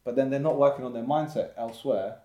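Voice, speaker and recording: A man speaks as a podcast guest in an upbeat, motivational tone. His voice sits at an ordinary pitch for a man. The room is echoey around him. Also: fast talker, dark tone, lo-fi sound. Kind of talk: casual podcast chat.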